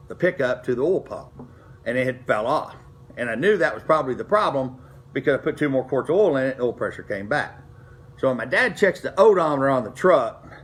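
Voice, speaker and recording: A middle-aged man, telling racing stories from his past in a folksy, rambling way, full of restarts. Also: mid-range voice. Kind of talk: casual storytelling to camera.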